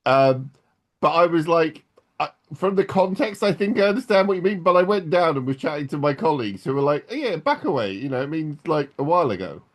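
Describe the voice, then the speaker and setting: High-voiced man rambling through an anecdote. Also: big pitch swings, brisk. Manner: rambling, many restarts. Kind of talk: casual anecdote.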